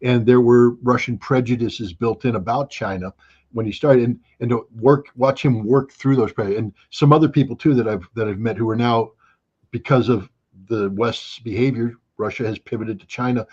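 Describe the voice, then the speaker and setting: A man in his sixties giving an interview, with an animated, sarcastic delivery and frequent restarts. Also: mid-range voice, normal speed, husky. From United States. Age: 60s. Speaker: interview guest. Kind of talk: opinionated interview talk. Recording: dull lo-fi recording.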